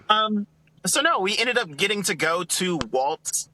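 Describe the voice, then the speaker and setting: A man on a casual podcast, telling a story in an animated, excited way and acting out what others said. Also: sits high, slow pace, long pauses. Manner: animated, acts out quotes in other voices. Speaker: podcast co-host.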